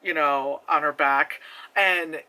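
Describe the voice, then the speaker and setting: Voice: medium pitch, steady tone, slow pace, sharp tone. A movie reviewer talking through a film in a casual, rambling way, full of fillers, swearing and sudden exaggerated voice impressions.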